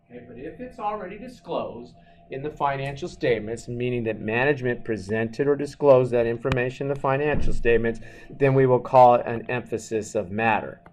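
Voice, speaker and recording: A man lecturing on accounting to a class. He is animated and asks the class questions, then answers them himself. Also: medium pitch, slight background noise. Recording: echoey classroom, mic far off.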